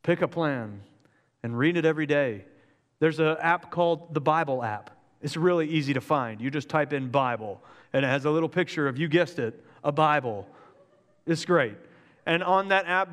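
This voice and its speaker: Energetic joking preacher man in a hall. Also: on the high side, normal speed. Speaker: pastor. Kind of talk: sermon.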